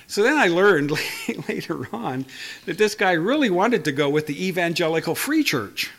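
A man's voice: medium pitch, a bit bright. An older man preaching a sermon in a conversational, storytelling way, often restarting words and chuckling. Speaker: pastor.

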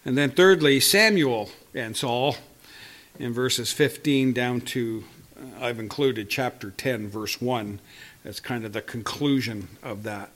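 A man's voice: mid-range voice, slow pace, a bit bright. An older man preaching a sermon in a conversational, storytelling way, often restarting words and chuckling. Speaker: pastor.

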